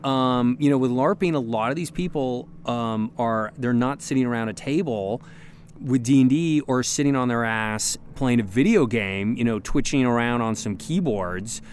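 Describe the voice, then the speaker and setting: A man's voice: medium pitch, moderate pace, slight background noise. A man from the United States, a podcast guest, chatting casually and rambling with many restarts and fillers.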